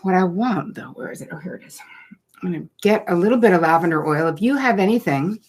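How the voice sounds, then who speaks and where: A woman's voice: on the low side, expressive, fast, a little mellow. A middle-aged woman hosting a live online masterclass from her home setup, chatting and greeting viewers by name and place. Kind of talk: casual live-stream welcome. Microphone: computer setup, looking down at notes.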